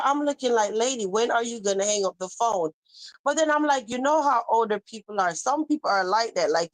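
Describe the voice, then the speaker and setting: A woman's voice: medium pitch, dry recording, poor audio. A talkative woman, hosting a live stream in a loose, casual way. She reads out viewer comments and answers them straight away. Her voice sits in a middle register, and the recording is close and dry.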